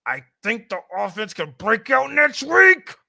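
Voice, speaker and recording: A young man hosting a sports fan livestream, animated and hyped, talking straight to his chat. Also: very high voice, unhurried, vocal fry, no echo, studio quality. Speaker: fan show host.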